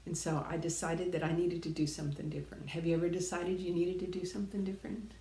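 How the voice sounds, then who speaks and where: A woman's voice: lowish voice, little pitch movement, fast, dark tone, echoey room, a little hiss or hum. A middle-aged woman giving an earnest, reflective personal talk, sharing life lessons and pressing her points with emphatic repetition.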